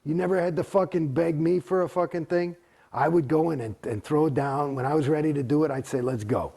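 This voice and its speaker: A man's voice: a little high, steady tone, fairly quick, vocal fry, mellow. A man giving a candid interview, blunt and heavy on profanity, rambling with frequent restarts. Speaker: interview guest.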